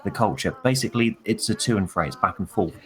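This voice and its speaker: A man's voice: fairly low pitch, animated, fast, fairly bright tone. A man arguing his point in a casual group discussion.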